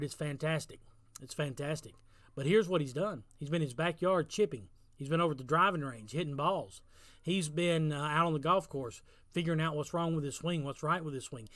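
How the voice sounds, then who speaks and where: Exhorting high-voiced pastor. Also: male voice, a bit bright, dry recording. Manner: exhorting, repetitive, builds to emphatic peaks. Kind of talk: sermon-style devotional talk.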